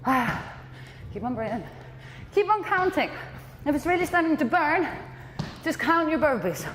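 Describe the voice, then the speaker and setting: A woman's voice: sits high, very animated, moderate pace, big-room sound. A woman fitness trainer coaching a workout class, encouraging and out of breath between exercises.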